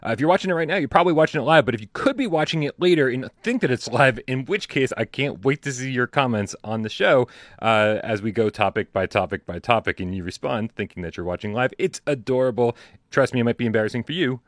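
Fast-talking joking male podcast host. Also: medium pitch, expressive, no echo. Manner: joking, rambling, quick banter. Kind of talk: casual live gaming podcast chat.

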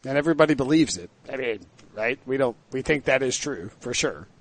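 A man hosting a sports podcast, joking and tossing quick questions to his co-hosts. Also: mid-range voice, lively intonation. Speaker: podcast host. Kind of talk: casual sports talk.

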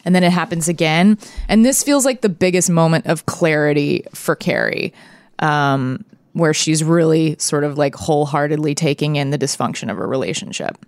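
A woman's voice: low-pitched, a little mellow, dry recording, studio quality. A woman co-hosting a podcast in casual chat, reacting eagerly and asking questions. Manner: reactive, engaged, quick to gasp and ask questions. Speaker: podcast co-host.

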